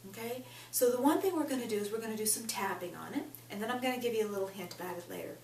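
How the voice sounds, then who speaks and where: A woman coaching viewers through tapping, talking straight to them and guiding them phrase by phrase. Her voice sits a little high and sounds set back from the mic in an echoey room with a faint hum. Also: racing, a little mellow, recorded from a distance. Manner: speaks to viewer directly, leads tapping setup phrases. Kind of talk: self-help teaching with guided tapping.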